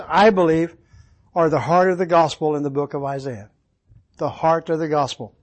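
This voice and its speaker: A man's voice: fairly high pitch, a little mellow, rough recording. A man teaching a Bible study, quizzing his listeners with questions and repeating key words for emphasis.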